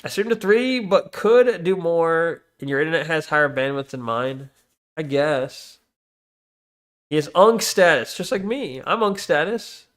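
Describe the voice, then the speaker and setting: A male streamer with a slightly high voice chats casually while going through his chat, animated but a little slow. He's distracted, reading messages aloud, often breaking off to restart sentences and telling viewers to hold on.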